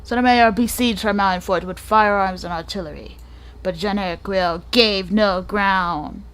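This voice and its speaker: Woman host, mid pitch, reading aloud with playful ad-libs, stumbles over unfamiliar names. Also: unhurried, a bit bright. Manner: playful, breaks off reading for joking asides and laughs; stumbles over and repeats hard names and words. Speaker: gaming channel host. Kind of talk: reading a book aloud with casual commentary.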